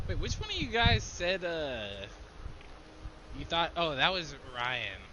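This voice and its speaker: A man's voice: fairly high pitch, very animated, slow, noisy background. A man chatting casually with friends while gaming, rambling and laughing often, swearing casually. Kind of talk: casual chat.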